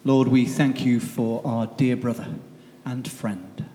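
A man leading a spoken prayer, soft and unhurried, trailing off quietly. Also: medium pitch, fairly even intonation, slight background noise. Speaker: prayer leader. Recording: roomy church with long reverb, faint ambience.

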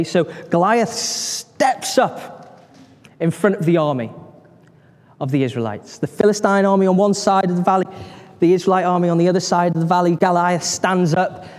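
A man gives a sermon, retelling scripture with lively, acted-out voices and questions to the congregation. His voice sits slightly high for a man. The sound carries a long reverb, as in a large hall. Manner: animated storytelling, acts out voices, asks the congregation questions. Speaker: preacher.

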